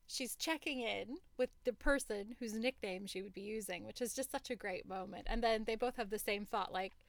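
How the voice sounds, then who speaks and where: A woman's voice: medium pitch, creaky, no echo. Enthusiastic woman podcast host, dry sound. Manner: enthusiastic, animated, quick to laugh. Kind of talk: casual book-club podcast chat.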